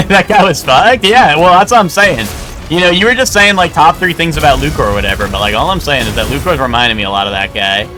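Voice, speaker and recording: A man's voice: on the high side, animated, quick pace, sharp tone, soft background music. A young man streaming a game live, rambling and joking with crude banter to his chat. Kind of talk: casual live gameplay chat.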